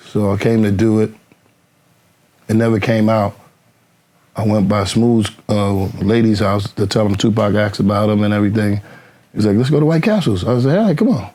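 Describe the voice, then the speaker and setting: A man, a guest rapper telling stories in a casual interview, animated and acting out what others said, swearing freely. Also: fairly low pitch. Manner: animated, acts out quoted dialogue, swears freely.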